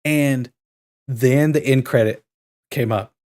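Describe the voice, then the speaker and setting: A man in his thirties chats casually on a podcast, steady mid-range voice. He tells stories with rising excitement and acts out the lines he quotes. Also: medium pitch, slow. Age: 30s. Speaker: podcast co-host. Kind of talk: casual chat.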